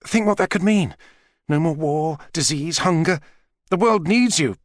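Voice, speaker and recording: A man's voice: fairly high pitch, a little slow, no echo, pitched above the performer's own voice, natural voice. A male reader voicing an emotional young woman who pleads insistently. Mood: pleading.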